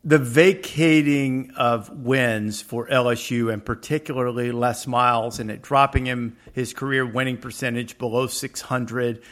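A man's voice: mid-range voice, steady tone, a little slow, few pauses, a bit bright. A man hosting a casual sports talk podcast, giving opinions with a sarcastic edge. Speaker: podcast host.

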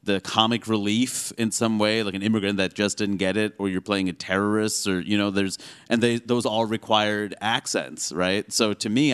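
A man, a comedian guest, talking in a casual interview, animated and full of quick asides, filler words and restarts. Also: fairly low pitch, smooth. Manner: animated, quick asides, frequent "you know" and "like". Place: radio show studio with audience.

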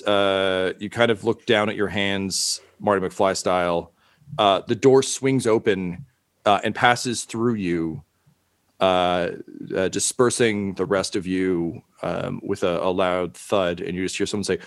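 A man's voice: low voice, steady tone, takes it slowly, no room sound, studio quality. A man running a tabletop game as game master, narrating hesitantly with many fillers.

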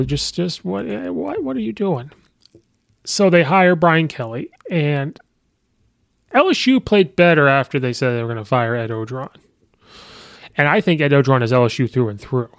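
Smooth-voiced man talking college football. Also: mid-range voice, no room sound, studio quality. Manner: conversational, thinks aloud with ums and you-knows. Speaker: sports podcast host. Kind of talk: casual sports podcast commentary. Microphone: podcast microphone.

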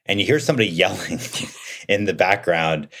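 A man guest on a podcast, answering conversationally and thinking aloud, and he gets animated when retelling a story. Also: low voice, fairly quick. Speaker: guest expert.

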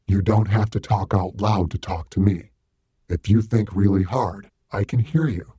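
A dark, husky, low-pitched sinister presence, as a male narrator puts him on. He speaks with calm command, coaxing and ordering in an audiobook character voice. The delivery is mellow and breathy, with a dry close sound. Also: measured pace, dry recording, full character voice.

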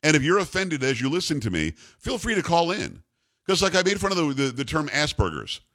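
An older man runs a talk radio show, and his pitch swings widely as he rants. He is blunt and combative, and he jokes as he goes. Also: huge pitch swings, fairly quick, fairly bright tone. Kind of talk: opinionated talk radio rant.

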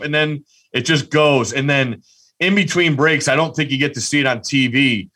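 A man co-hosting a casual sports podcast, telling a story excitedly with lots of restarts. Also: mid-range voice. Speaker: podcast co-host.

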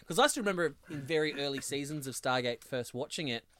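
A man's voice: fairly high pitch, lively intonation, quick pace, a bit bright. A man co-hosting a podcast in casual chat, rambling and jokey. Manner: rambling, jokey, drops into silly put-on accents. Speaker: podcast co-host.

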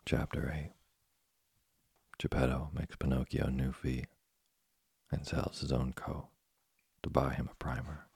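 A man narrating a classic tale as a bedtime story, in a steady, soothing manner. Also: rumbling low, measured pace, long pauses, dry recording, studio quality. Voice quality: gravelly, husky. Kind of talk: slow bedtime story reading.

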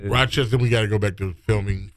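A man's voice: on the low side, fairly even intonation, quick pace, fairly bright tone, slight background noise. A middle-aged man, a comedian guest in a casual chat, telling stories with lots of laughter and repeated punchlines. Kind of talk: casual podcast chat, storytelling.

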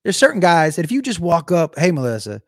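A man, a comedian, spins a rambling, profane story in a casual chat with his audience. His voice swings widely in pitch and stays lively throughout. The sound is dry and close, with no room echo. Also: fairly quick. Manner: animated, profane, digressive. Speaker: comedian and show host.

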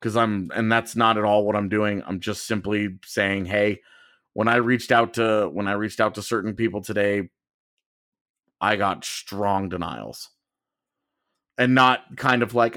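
A man's voice: on the low side, a little slow, dry recording, studio quality. A man co-hosting a hockey podcast in casual chat, rambling and often correcting himself. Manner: rambling, self-correcting, animated. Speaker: sports podcast co-host.

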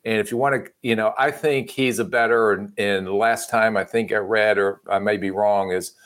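A man's voice: lowish voice, fairly even intonation, normal speed, a bit bright. A man on a sports podcast panel, joking around and rambling through his quarterback take. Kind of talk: casual sports analysis.

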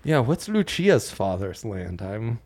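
A man's voice: on the low side, slow. A man from Colorado co-hosting a podcast, joking around in casual banter and laughing often. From Colorado, United States. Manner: jokey, animated, laughs often. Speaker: podcast co-host.

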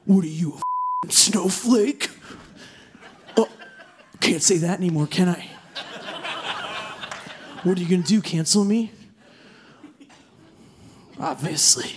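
A woman's voice: lowish voice, takes it slowly, long pauses, background noise. A woman on a live stage putting on a smug, mocking male edgelord comedian. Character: swaggering male edgelord comic.

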